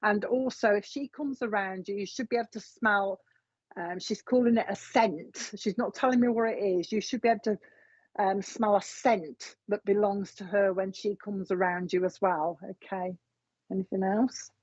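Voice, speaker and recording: A woman psychic medium giving a live reading, passing on spirit messages and repeating the quoted phrases with frequent pauses. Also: mid-range voice, fairly even intonation, a little mellow, breathy edge, no echo. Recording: dull lo-fi recording.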